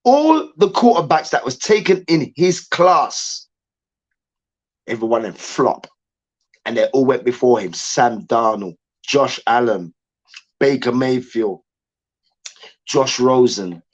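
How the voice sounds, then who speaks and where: A man hosting a sports show, ranting in an animated, emphatic way and repeating himself. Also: medium pitch, slow pace, long pauses, dull audio. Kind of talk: heated sports rant.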